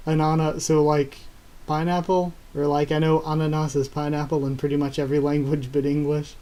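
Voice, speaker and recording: A man talks through a comic chapter in a casual live reaction, breaking into laughs and excited exclamations. His voice sits a bit high, with a mellow, soft tone. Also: a little fast. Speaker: YouTuber reacting to a manga chapter.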